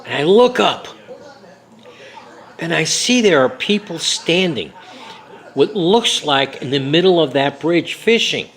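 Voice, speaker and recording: A man's voice: fairly high pitch, sing-song, takes it slowly, long pauses, a bit bright, poor audio. An older man from New York, recounting a story from his memoir with many fillers and a rambling, conversational way of talking. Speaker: memoir author.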